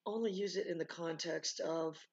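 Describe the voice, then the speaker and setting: A woman's voice: lowish voice, normal speed, highs cut off. A woman dog trainer talking through e-collar training in a rambling, casual way, full of fillers and asides. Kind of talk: casual teaching talk. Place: home with dogs nearby.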